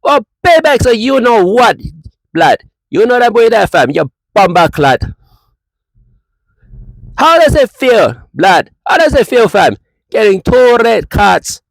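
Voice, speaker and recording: A man doing an impression of a loud, mocking male rival football fan in a put-on Jamaican accent. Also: big pitch swings, takes it slowly, vocal fry, no room sound, exaggerated voice, low-quality recording. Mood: gloating. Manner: mocking, repeating taunts with a high squeal.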